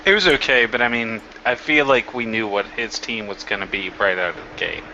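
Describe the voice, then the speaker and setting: A man's voice: fairly low pitch, a little fast, bright, forceful tone, a little hiss or hum. A man co-hosting a casual wrestling chat, laid back and swearing casually. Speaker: co-host. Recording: dull lo-fi mic.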